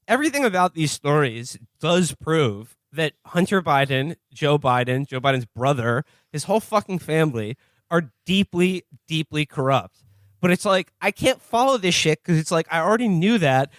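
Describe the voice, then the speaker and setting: Podcast co-host, man, higher voice, dry studio sound, sardonic and rambling, swears freely. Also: animated, normal speed, no room sound. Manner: profane, sardonic, rambling with restarts. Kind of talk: casual political chat.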